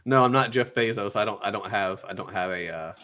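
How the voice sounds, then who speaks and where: A man's voice: on the low side, a little fast, sharp tone. A man hosting a casual podcast, trading dry, teasing banter with his co-host.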